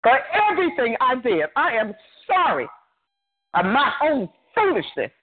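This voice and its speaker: A woman's voice: on the high side, sing-song, normal speed. An older woman preacher delivering a fervent sermon over a phone call, driving her points home with emphatic repetition. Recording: tinny phone line.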